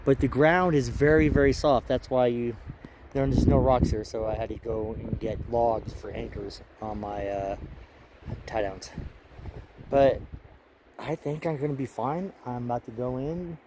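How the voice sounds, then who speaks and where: A tired man rambles casually to a handheld camera while out on a mountain trail. He talks in a chatty, self-interrupting way at an ordinary middle pitch. Faint outdoor noise sits behind his voice. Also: fairly even intonation, measured pace. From Alaska. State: a little tired. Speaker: hiking vlogger. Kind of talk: casual vlog narration.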